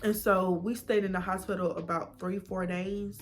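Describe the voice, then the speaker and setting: Young woman, vlog storyteller; casual, lively, mid-pitched voice, faint background music. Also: normal speed. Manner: casual and animated, acts out voices in quotes. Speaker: vlogger. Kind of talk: emotional personal storytelling.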